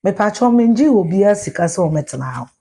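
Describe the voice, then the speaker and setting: A woman's voice: medium pitch, expressive, brisk, mellow, breathy edge. Blunt, profane Ghanaian woman ranting. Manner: blunt and profane, mixing Twi and English. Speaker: social media commentator. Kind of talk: live-stream rant.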